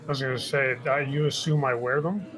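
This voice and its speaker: A man's voice: mid-range voice, steady tone, a little fast, a bit bright. A man co-hosting a live stream, making dry wisecracking quips in casual chat. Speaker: co-host.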